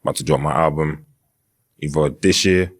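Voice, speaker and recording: A man in his thirties, a dating show contestant, telling his stories in a drawn-out, dramatic way. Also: a bass voice, fairly even intonation, slightly rough. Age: 30s.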